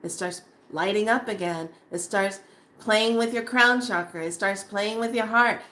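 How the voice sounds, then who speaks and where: A woman talks straight to her viewers in a casual spiritual monologue, her voice bright and clear at a middle pitch. She is animated, and she slips into acted-out snippets of her own past reactions. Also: a little slow. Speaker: spiritual speaker.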